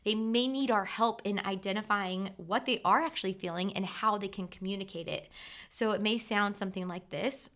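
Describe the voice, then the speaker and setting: A woman's voice: medium pitch, normal speed, fairly bright tone. A woman in her thirties hosting a solo podcast, talking in a casual, conversational way with many filler words. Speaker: podcast host.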